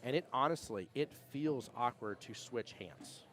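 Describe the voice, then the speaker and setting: A man's voice: mid-range voice, lively intonation, a bit bright. A man hosting a pool tournament stream, chatting casually and reading viewer comments in a rambling, storytelling way. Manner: fast, rambling storyteller with restarts and laughs. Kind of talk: casual chat with live chat readouts.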